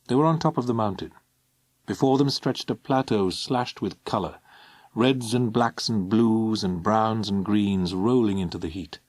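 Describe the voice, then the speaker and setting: A man narrating an audiobook in a measured, expressive reading. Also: lowish voice, no echo, studio quality. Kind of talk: scripted narration.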